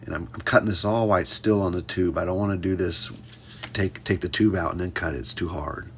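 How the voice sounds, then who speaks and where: A man's voice: deep voice, steady tone, a little fast, fairly bright tone. Man, pottery teacher, casual demonstration, playful asides, faint hum behind. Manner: playful, jokey asides addressed to "folks".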